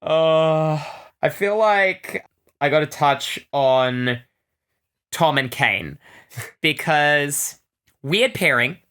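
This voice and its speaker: Low but bright woman rambling excitedly through a comic recap, lots of likes. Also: drawn-out words, long pauses, clear, resonant tone. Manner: enthusiastic, rambling recaps with many "like"s. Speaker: podcast co-host. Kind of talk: casual comic-book podcast chat.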